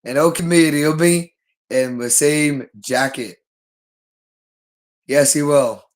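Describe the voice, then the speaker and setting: A man's voice: a little high, slow, low-quality recording. A man talking alone on a livestream, repeating himself insistently. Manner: repetitive and insistent. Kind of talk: unscripted livestream monologue.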